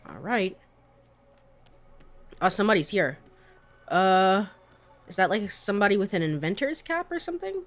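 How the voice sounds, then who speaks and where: A woman's voice: medium pitch, big pitch swings, moderate pace, long pauses, faint music behind. A woman giving casual let's-play commentary in a chatty way, often laughing and trailing off. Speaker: streamer.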